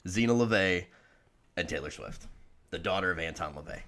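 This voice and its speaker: A man's voice: low-pitched, moderate pace, a bit bright, a little hiss or hum. A man co-hosting a podcast in a loose, casual chat, swearing and saying "dude" often. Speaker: podcast co-host.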